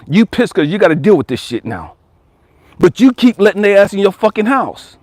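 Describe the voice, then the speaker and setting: Male life coach, blunt and profane, preachy rant; slightly high voice, dry close mic. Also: very animated, brisk, a little mellow, no echo.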